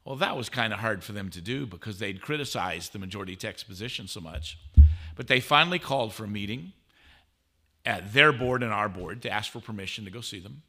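A man speaking as a guest at a conference, telling a story in an animated way. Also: fairly low pitch, brisk. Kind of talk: conference talk. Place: conference stage.

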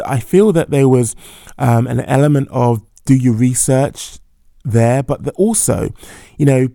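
A man's voice: mid-range voice, unhurried, gravelly, dark tone, dry recording, clean studio sound. A man giving a careful, thoughtful opinion, hedging his points and correcting himself as he goes. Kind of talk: measured opinion commentary.

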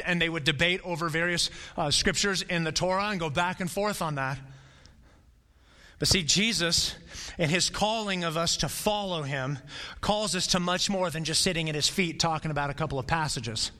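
A man's voice: fairly high pitch, sharp tone, in a large hall. A man preaching a sermon in a conversational way, acting out the quotes he reads. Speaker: pastor.

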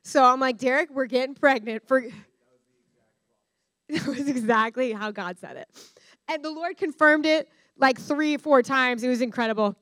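A young adult woman giving a candid, animated personal-story sermon to students as a guest speaker. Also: sits high, measured pace, no echo. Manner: candid, animated storyteller who addresses the room directly. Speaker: guest speaker at a discipleship school.

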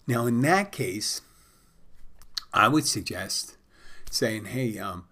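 A man's voice: fairly low pitch, animated, slow, sharp tone. A middle-aged man hosting a podcast, telling a personal story and giving bartending tips in a rambling, conversational way with many restarts. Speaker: podcast host. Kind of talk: casual storytelling monologue.

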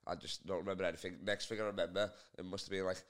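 Young guy, low voice, rapid rambling storyteller, swears constantly. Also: flat delivery. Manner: rambling, heavy swearing, lots of fillers. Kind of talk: casual storytelling chat.

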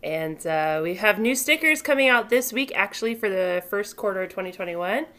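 A woman's voice: mid-range voice, animated, normal speed, fairly bright tone. A woman co-hosting a podcast, chatting casually and joking, often laughing. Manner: laughing, joking, tipsy banter. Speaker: podcast co-host. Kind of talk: casual chat.

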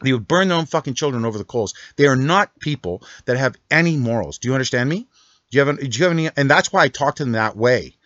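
A man's voice: medium pitch, animated, quick pace, a bit bright, dry recording. A man in a furious, profane, rambling rant, swearing constantly. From Canada. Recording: dull, dry lo-fi recording.

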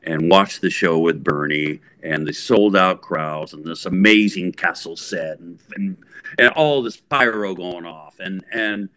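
A man in his sixties from the Bay Area, a rock guitarist telling a story in a casual interview, lively and full of fillers. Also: sits low, a little slow, clear, resonant tone, dry recording. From San Francisco Bay Area, USA. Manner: animated, acts out voices, lots of fillers.

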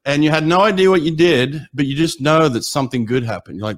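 A man's voice: a little high, quick pace, hardly any pauses. A middle-aged man hosting a casual interview, chatty and joking. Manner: jokey, chatty, laughs easily. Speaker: podcast host.

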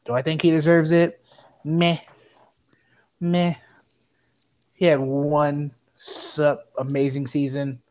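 A man's voice: fairly high pitch, level tone, takes it slowly, pauses often, darkish tone. A man in his late twenties co-hosting a sports podcast, ranting with heavy profanity and rising anger. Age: late 20s. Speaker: podcast co-host. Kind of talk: casual sports podcast chat.

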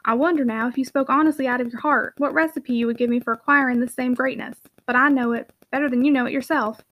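A woman's voice: high-pitched, fairly even intonation, fast, a bit bright. A woman voicing a reserved, brooding young male mill owner in a storybook reading, giving curt, guarded replies.

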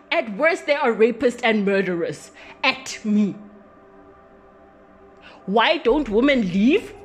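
Fiery woman, spoken word. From South Africa. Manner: fiery and profane, swinging between raised outbursts and low, bitter confession. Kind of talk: impassioned spoken-word monologue.

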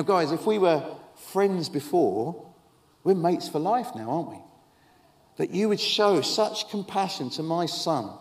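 High-voiced preacher, animated. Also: male voice. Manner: animated storytelling with wry humorous asides. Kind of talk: sermon. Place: event hall with an audience.

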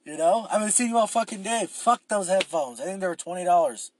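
A man's voice: high-pitched, animated, a little fast, a little mellow, a little hiss or hum. A young man hosting a solo podcast, rambling casually with lots of swearing and filler words. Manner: rambling and profane, with frequent fillers and restarts. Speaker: podcast host.

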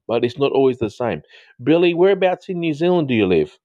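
A man in his fifties hosting a live stream, chatting casually with viewers in a rambling way and quick to laugh. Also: medium pitch, big pitch swings, dark tone, dry recording, highs cut off. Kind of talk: casual live chat reading viewer comments.

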